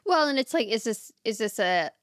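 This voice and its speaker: A woman co-hosting a podcast, playful and quick to laugh. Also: on the high side, expressive, dry recording, clean studio sound. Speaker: podcast co-host. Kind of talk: casual chat.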